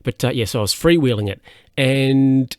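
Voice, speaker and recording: A man's voice: mid-range voice, moderate pace, darkish tone, no room sound, studio quality. A man hosting a solo podcast, telling stories in a rambling, hesitant way with lots of fillers and restarts. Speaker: podcast host.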